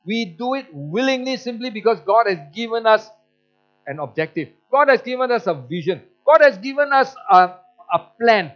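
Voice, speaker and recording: High-voiced pastor preaching a sermon. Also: male voice, muffled recording. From Malaysia. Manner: storytelling, acts out quoted voices, frequent restarts.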